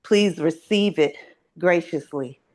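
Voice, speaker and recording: A woman on a group video call, earnestly telling a story with a gentle lesson. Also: deep voice, slow pace. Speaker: co-host and sales coach.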